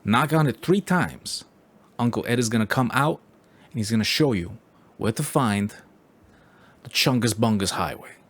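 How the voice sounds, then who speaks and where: A man's voice: mid-range voice, animated, moderate pace, long pauses, a bit bright. A man putting on a pushy middle-aged New Yorker, brash and insistent, repeating himself. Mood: conspiratorial.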